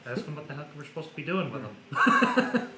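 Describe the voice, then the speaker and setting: A man's voice: a little high, very animated, normal speed, a crowd in the background. Hesitant man player, echoey room. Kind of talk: casual chat. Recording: echoey room with background noise.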